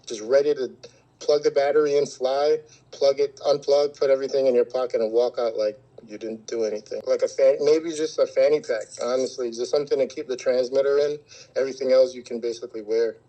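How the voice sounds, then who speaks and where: A man talking casually as a drone pilot guest in an interview, laid back but getting lively when he gives advice. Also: mid-range voice, a little fast, poor audio.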